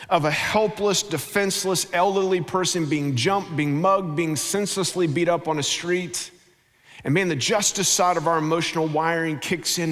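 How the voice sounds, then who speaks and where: Middle-aged preacher, funny animated stories, kinda high voice, reverb from the big church hall. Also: male voice. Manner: humorous, animated storytelling. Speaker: guest pastor. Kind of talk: sermon with storytelling. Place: large church auditorium.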